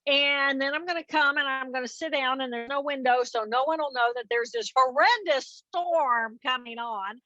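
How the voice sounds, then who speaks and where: A woman's voice: high voice, moderate pace, few pauses, bright, forceful tone, dry recording, dull audio. A woman guest expert explaining in an earnest, teaching way with step-by-step examples. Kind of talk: explanatory interview talk.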